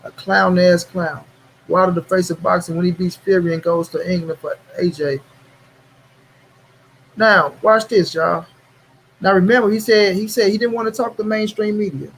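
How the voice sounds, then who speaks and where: A man's voice: high-pitched, fairly even intonation, normal speed, a little hiss or hum, low-quality recording. A man hosting a boxing commentary channel, ranting in a casual, profane way, repeating lines for stress and talking straight to his viewers in street slang.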